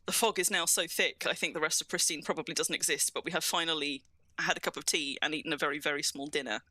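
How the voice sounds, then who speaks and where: A woman's voice: deep voice, steady tone, fast talker, sharp tone, dry recording. A woman with a southern English accent, chatting casually and rambling with self-mocking humour while streaming a game. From southern England. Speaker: streamer, co-host. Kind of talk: casual gaming chat.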